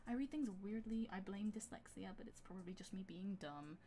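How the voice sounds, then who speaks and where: A woman's voice: medium pitch, lively intonation, a little fast, a little hiss or hum. A woman streaming her music production live, chatting casually and thinking aloud with a self-deprecating manner. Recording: music playing loudly behind. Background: electronic beat and synths.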